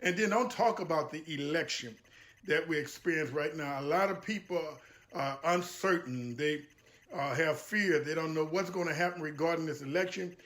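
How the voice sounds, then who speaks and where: A man delivers a motivational talk. He speaks in a preacherly, emphatic way, circling back to key phrases and slowing down to stress them. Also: on the high side, fairly bright tone. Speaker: guest speaker.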